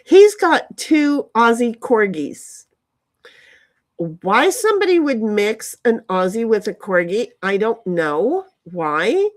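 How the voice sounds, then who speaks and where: A woman vlogging outdoors on a phone, chatting in a meandering way with many restarts and sudden excited leaps in her voice. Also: a little high, slow. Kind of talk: rambling casual monologue. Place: outdoors in a yard.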